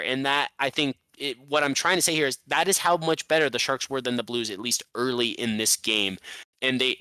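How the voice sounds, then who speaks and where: A man co-hosting a casual sports podcast, recapping a game in animated rants with some swearing. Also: mid-range voice, clear, resonant tone, dry recording. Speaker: podcast co-host.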